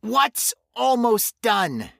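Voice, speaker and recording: A man voicing a panicking young man who screams and pleads in a high, frantic voice. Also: normal speed, slightly rough, dry recording, clean studio sound. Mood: terrified.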